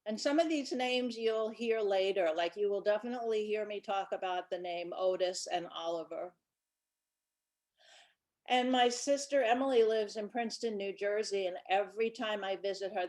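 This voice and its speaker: A woman in her sixties, a children's book author, chatting through stories from her life in a relaxed presentation. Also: medium pitch. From Brooklyn, New York. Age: 60s. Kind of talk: casual storytelling presentation.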